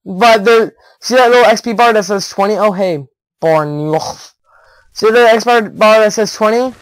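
A teenage boy giving rambling, excitable gameplay commentary on a headset mic, with giggles and sudden loud outbursts. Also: high voice, normal speed, no echo, poor audio. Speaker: gaming YouTuber.

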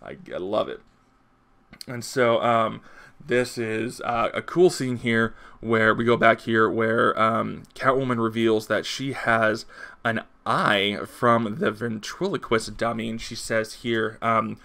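A man casually reviewing a comic, rambling with enthusiasm and plenty of fillers. His voice has a gravelly texture. The tone is bright and forward. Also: on the low side, fairly even intonation, slow pace.

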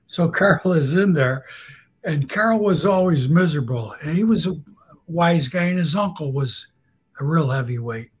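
A man's voice: a little high, lively intonation, normal speed, breathy edge. A man casually telling blunt, profane stories about his old barbershop, laughing at his own punchlines. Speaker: guest storyteller. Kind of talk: casual storytelling.

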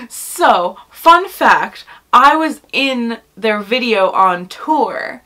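A young woman in college telling a storytime vlog in a gushing, animated way, full of fillers and excited asides. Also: a little high, very slow, hardly any pauses. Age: young adult. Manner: gushing, animated, lots of "like" and "oh my god". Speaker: vlogger.

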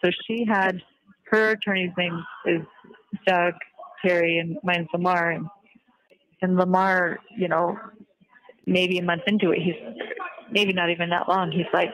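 A woman's voice: on the low side, steady tone, a little slow, long pauses, a little hiss or hum, poor audio. A woman on a recorded call, talking earnestly and reflectively, often trailing off as she searches for words. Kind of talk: reflective conversation.

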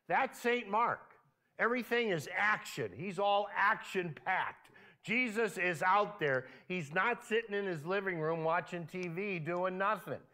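A pastor with a high, sharp-toned voice delivers a sermon in a church sanctuary. He keeps it conversational, firing question after question at the congregation.

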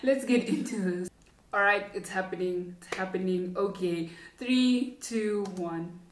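A young woman hosting a reaction video, chatting casually in an excitable, rambling way as a fan. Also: mid-range voice, a little slow, a little hiss or hum. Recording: roomy echo, distant from the mic. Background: music video playing.

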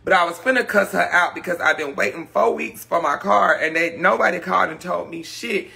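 Brash, sharp-voiced man ranting. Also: high voice, a little fast, gravelly. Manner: brash, profane and gossipy; frustrated, ranting. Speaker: livestream host. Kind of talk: casual livestream chat. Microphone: phone or webcam on a live stream.

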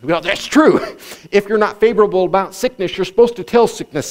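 Middle-aged male pastor, sermon delivery, emphatic and repetitive, voice sits a bit high for a man. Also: sing-song, brisk. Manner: emphatic preaching with repetition and scripture reading.

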